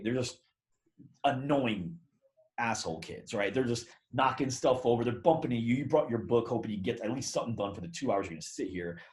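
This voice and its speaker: Brief: casual male interview guest, lively storyteller, salty language, average pitch. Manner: animated, rambling, swears casually. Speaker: podcast guest.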